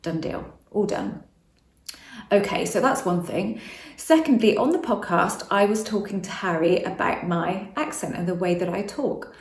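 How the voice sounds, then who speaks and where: Woman, slight West Country accent, chatty, frank, mid-pitched voice, roomy echo. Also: normal speed. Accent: slight West Country English. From West Country, England. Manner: chatty and frank, laughs often. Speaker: author and vlogger. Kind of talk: casual spoken monologue.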